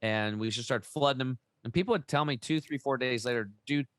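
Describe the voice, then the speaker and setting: Man, 40s, interview guest; folksy and excitable, close dry sound. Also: medium pitch, brisk, no room sound. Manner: excitable, folksy, swears mildly. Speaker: podcast guest. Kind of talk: casual interview storytelling.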